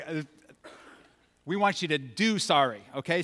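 A man's voice: on the high side, lively intonation, a little slow, long pauses, pushed and bright. A man preaching a sermon as pastor, conversational and playful, acting out scenes from his childhood. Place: church sanctuary. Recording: long hall reverb.

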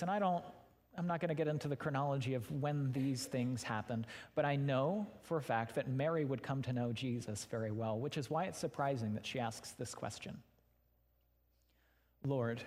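A man's voice: medium pitch, a little fast, a little mellow. A man giving a sermon, speaking candidly and conversationally, turning often to address his listeners directly. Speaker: pastor. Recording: long reverb of a large hall.

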